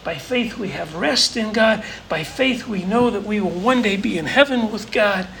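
A man's voice: high-pitched, normal speed, creaky, a bit bright, a little hiss or hum, rough recording. A man preaching a sermon as pastor, earnest and building his points through emphatic repetition. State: briefly choked up.

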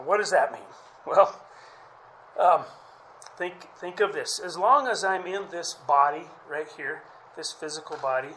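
A man's voice: fairly high pitch, bright, forceful tone, a little hiss or hum, rough recording. A man preaching a sermon in a conversational way, often restarting phrases and asking the listeners questions. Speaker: pastor.

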